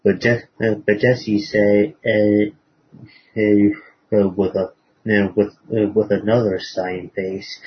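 A man preaching, retelling a moral story in a halting way with many fillers and restarts. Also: lowish voice, level tone, husky. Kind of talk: sermon storytelling. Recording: dull lo-fi recording.

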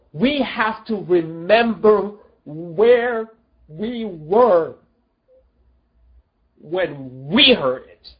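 A preacher delivering an emotional, pleading sermon full of rhetorical questions, dropping low and soft at tender moments. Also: muffled recording.

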